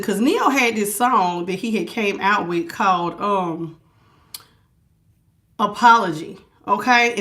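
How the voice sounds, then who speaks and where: A woman with a fairly high, slightly bright voice hosts a tarot reading livestream. She reads as a tarot reader in casual stream talk, chatting and laughing while sounding out of breath.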